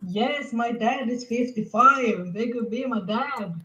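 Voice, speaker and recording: A young woman chatting casually as a guest, deadpan and wry with quick asides. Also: a little high, echoey room. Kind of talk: casual live chat. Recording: slightly dull, lo-fi audio.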